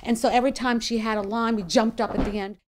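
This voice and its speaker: A woman with a New Orleans accent, a dialect coach, talking in a lively, animated way in an interview. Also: a little high, fast, a little hiss or hum. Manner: lively, talkative, animated storytelling.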